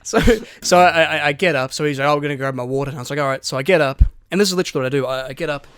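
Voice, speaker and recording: A man, co-hosting a podcast, telling a story in lively casual chat, swearing and acting out quotes. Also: a little high, racing, clean tone, dry recording. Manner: animated storyteller, swears a lot, acts out quotes. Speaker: podcast co-host.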